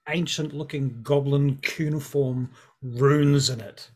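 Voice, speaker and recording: A man narrating as dungeon master in a tabletop game, describing scenes in a measured way with frequent ums. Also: mid-range voice, steady tone, a little mellow.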